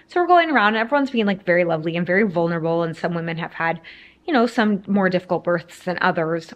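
A woman's voice: lowish voice, animated, quick pace, lo-fi sound. A young woman telling a casual storytime to camera, rambling with lots of fillers. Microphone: camera framing, talking to camera.

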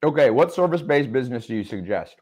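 An online business mentor, speaking fast and expressively in a darkish mid-range voice, hosts a livestream. He reads chat comments aloud and talks loosely with jokes, working in a studio with a sound engineer.

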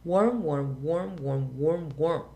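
A woman's voice: low-pitched, takes it slowly, warm tone. Squeamish boy, as a woman reads him. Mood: queasy. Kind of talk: storybook reading voice.

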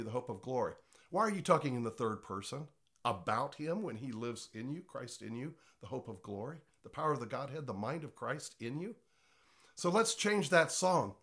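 A man's voice: on the high side, pushed and bright. A pastor giving an informal, earnest teaching with a slightly congested voice, often restarting his words.

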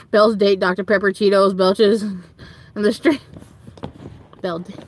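A young woman with a Southern US accent chatting casually to viewers on a livestream from home, giggling and breaking into high squealing quotes. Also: slow pace, long pauses. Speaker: livestream host.

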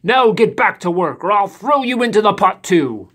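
A man's voice: big pitch swings, moderate pace, a bit bright, breathy edge, full character voice. A man voicing a giant, grumpy monster letter M in a storybook, threatening to make soup. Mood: menacing. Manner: booming and menacing.

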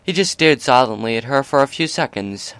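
A man narrating a fan fiction story aloud in a steady, even delivery. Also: mid-range voice, brisk, clean tone, no room sound.

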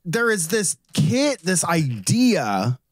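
A man in his forties, talking casually on a podcast in animated, exasperated rants with swearing. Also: sits high, slow pace, dry recording. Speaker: podcast guest.

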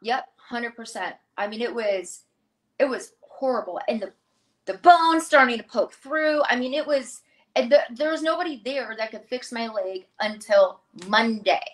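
Woman guest, 30s, lively storyteller, does the voices of the people she quotes. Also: a little high, normal speed. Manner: animated, acts out quoted voices. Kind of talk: casual interview storytelling.

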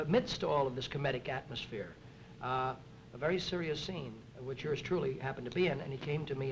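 A man's voice: medium pitch, dull audio. Rambling man on a noisy 1960s tape. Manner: halting with many fillers, acts out others' lines. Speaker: film actor at a press interview. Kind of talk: rambling anecdotal chat. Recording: noisy 1960s archive recording.

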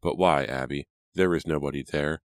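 A cautious teenage colonial boy, as a storybook narrator reads him in his own very deep voice. The recording is close and dry. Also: moderate pace, no room sound.

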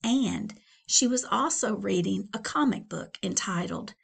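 A woman's voice: medium pitch, animated, unhurried, gravelly, slightly rough. A middle-aged woman, a school librarian, reading a children's novel aloud with chatty asides to young listeners.

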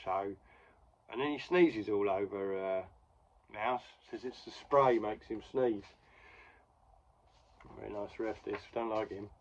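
A man's voice: fairly low pitch, slow, pauses often, muffled recording. A man in his forties casually retelling a comic strip with wry asides. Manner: wry, conversational, full of asides. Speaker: comics podcast host.

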